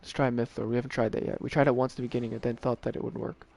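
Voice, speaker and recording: Gravelly, profane gaming streamer man. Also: medium pitch, very fast. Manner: excitable, swears often, talks to the game. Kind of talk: casual gameplay commentary.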